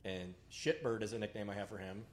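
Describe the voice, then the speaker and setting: A man's voice: lowish voice, fairly quick, roomy sound. A man in his late thirties, laughing through casual podcast chat. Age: 30s. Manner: laughing, self-mocking. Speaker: podcast co-host.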